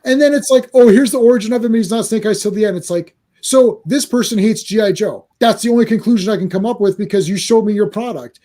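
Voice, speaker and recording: Ranting high-voiced man. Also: fast, few pauses. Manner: ranting, animated, acts out quoted reactions. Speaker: podcast co-host. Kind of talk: casual movie chat.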